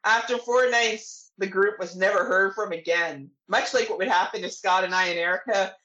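A young Canadian woman co-hosts a horror podcast, chatting casually in a playful, crude way and laughing often. Her voice is medium-pitched with a sharp tone, her pace is moderate, and the audio sounds dull.

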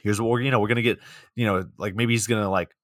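A man's voice: fairly low pitch, fairly even intonation, racing, dry recording, clean studio sound. Sarcastic man recapping a movie. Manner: swearing, sarcastic, rambling. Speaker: podcast co-host. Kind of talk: casual comedic movie recap.

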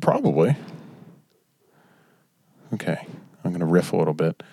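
A man's voice: low-pitched, very animated, normal speed, mellow, no room sound. A young man co-hosting a podcast who cuts in with dry, crude wisecracks. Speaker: podcast co-host. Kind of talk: casual crude chat.

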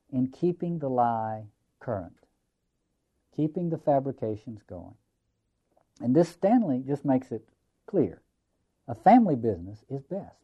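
A man's voice: medium pitch, dull audio. A man giving a lecture on a play, musing and reflective, repeating phrases for emphasis.

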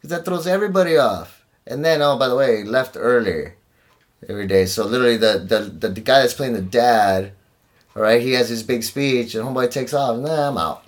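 A man's voice: medium pitch, fairly quick. A man, an actor, talking in a casual podcast chat, slangy and profane.

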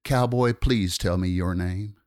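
A man's voice: low voice, unhurried, darkish tone, clear, resonant tone, dry recording, clean studio sound. A man voicing a sassy, flirtatious diner waitress who turns brash and scolding, in a recited comic story poem. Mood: flirty, teasing. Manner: saucy and brash, barking insults when angry.

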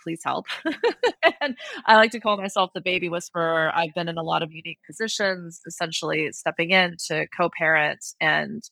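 A woman hosts a podcast in a low, gravelly voice with a sharp, bright edge. She chats casually and openly. The recording is dry and close. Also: steady tone, a little fast, no echo. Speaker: podcast host. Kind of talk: casual interview chat.

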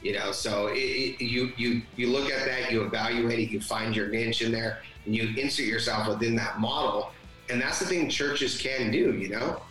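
A man's voice: mid-range voice, normal speed, bright, forceful tone, roomy sound, faint music behind, rough recording. A man in a casual podcast chat who tells long, rambling stories and acts out the dialogue. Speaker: guest.

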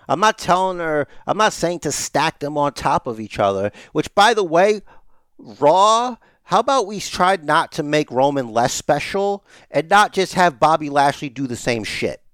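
Podcast co-host, middle-aged man, high animated voice, dry close mic, ranting and profane. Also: normal speed, no echo. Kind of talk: casual wrestling podcast chat.

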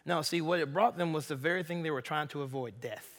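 A man preaching a sermon as pastor, in an animated way with casual asides. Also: a little high, quick pace. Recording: echoey hall reverb.

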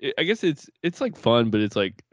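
A man's voice: medium pitch, sing-song, fairly quick, no echo. A young man co-hosting a podcast, rambling through profane family stories and laughing as he talks. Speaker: podcast co-host. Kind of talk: casual chat.

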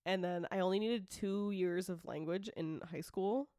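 A woman's voice: on the low side, moderate pace, dark tone, dry recording, studio quality. A woman co-hosting a podcast in casual chat, giggly and self-deprecating. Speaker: podcast co-host.

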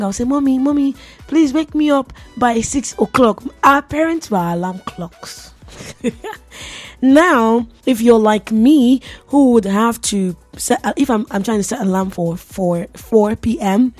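A woman's voice: medium pitch, a little mellow. Playful chatty woman radio host. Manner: playful, chatty, laughs often, talks to listeners directly. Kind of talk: casual radio chat.

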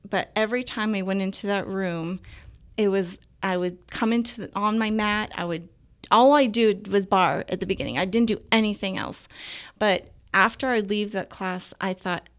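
A woman's voice: medium pitch, moderate pace. A woman guest casually telling a personal story, acting out the dialogue she quotes. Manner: animated, acts out quoted dialogue. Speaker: interview guest.

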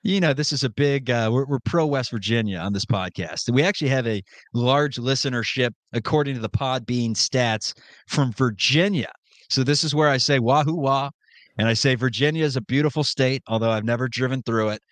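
A man co-hosting a casual sports podcast, talking in an animated, joking way with quick asides. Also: mid-range voice, dry recording. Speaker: podcast co-host.

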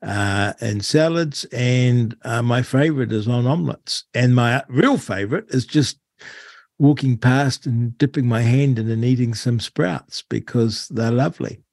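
A man hosting a radio chat, asking questions with curious, quick interjections. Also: mid-range voice, gravelly, darkish tone, no echo, studio quality. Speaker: radio host.

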